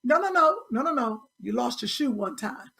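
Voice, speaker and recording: A woman co-hosting a comedy podcast, loud and teasing, telling stories in animated bursts. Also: a little high, normal speed, creaky, husky. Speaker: podcast co-host. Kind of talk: casual comedic chat.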